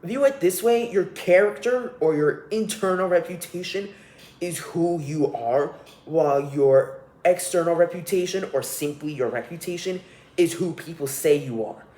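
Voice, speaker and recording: A man's voice: on the high side, moderate pace, warm tone. A young man hosting a solo podcast, ranting with profanity and scorn. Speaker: podcast host. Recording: roomy echo.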